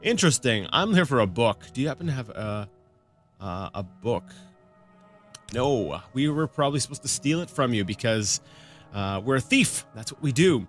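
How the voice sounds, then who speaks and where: A man's voice: mid-range voice, very animated, normal speed, soft background music. A man casually commenting on his gameplay as host, rambling and often stammering over repeated words. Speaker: let's play host.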